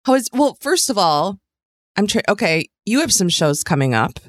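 A woman's voice: medium pitch, sing-song, normal speed, no room sound. A woman comedian co-hosting a podcast in casual chat, bubbly and gushing.

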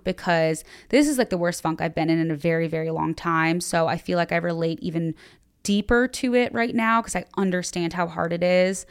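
A woman's voice: fairly low pitch, clear, resonant tone. A young woman hosting a podcast, giving casual advice in a candid, self-deprecating way with lots of "like". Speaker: podcast host.

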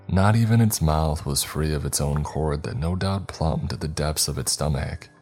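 A man narrating a scary story in a measured, somber way, as scripted narration. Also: extremely low pitch, slightly rough. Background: faint music.

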